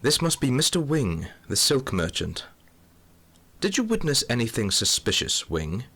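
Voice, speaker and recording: A man's voice: mid-range voice, very animated, a little slow, a bit bright, slightly rough, exaggerated voice. A man playing a dry, melodramatic police inspector who narrates a comic mystery audio drama. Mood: wry. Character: hard-boiled Scotland Yard police inspector, middle-aged man.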